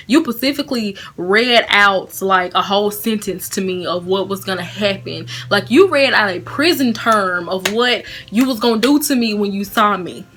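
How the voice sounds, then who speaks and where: Young woman vlogger, chatty storyteller, crisp bright tone, soft background music. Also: mid-range voice, fairly quick. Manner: casual, chatty, laughing storyteller. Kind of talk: storytime vlog.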